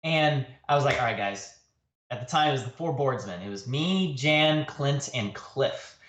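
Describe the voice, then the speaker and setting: A man chatting casually on a livestream, telling a story and laughing often. His pitch swings widely as he talks. The room around him is echoey. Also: lively intonation, normal speed, fairly bright tone, a little hiss or hum. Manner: laughing storyteller, jumps high when quoting. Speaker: guest artist. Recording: roomy echo.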